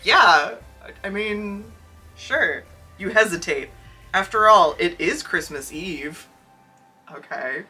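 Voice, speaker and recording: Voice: medium pitch, slow, pauses often, bright, forceful tone, husky, soft background music. A podcast co-host reading a story aloud and making joking, sarcastic asides. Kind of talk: casual chat and reading aloud.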